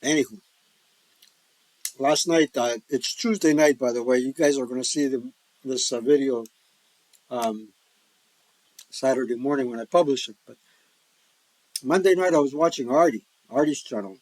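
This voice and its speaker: A man's voice: medium pitch, moderate pace, long pauses, a little mellow, no room sound, poor audio. A man casually talking through a solo board wargame, joking and rambling with folksy asides. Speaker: board wargame player and host. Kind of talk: casual solo-play commentary.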